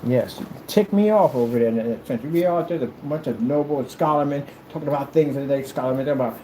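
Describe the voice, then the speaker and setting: A man from the United States ranting to camera in a casual monologue, theatrical and animated, slipping into mock old-fashioned formal speech. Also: medium pitch, fast, few pauses, slight background noise, poor audio. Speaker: video creator.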